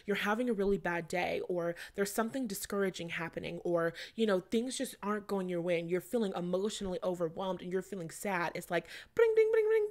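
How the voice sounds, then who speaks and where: Chatty woman giving an astrology reading. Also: fairly low pitch. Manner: chatty and rambling, lots of fillers, swears casually. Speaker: astrology reader. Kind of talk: casual tarot and astrology reading to viewers.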